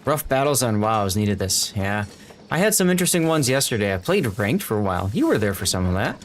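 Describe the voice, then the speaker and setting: A man's voice: on the low side, very animated, brisk, slight background noise. A man live-streaming a city-building game, thinking aloud and greeting his chat as he plays. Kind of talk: casual live-stream gameplay commentary.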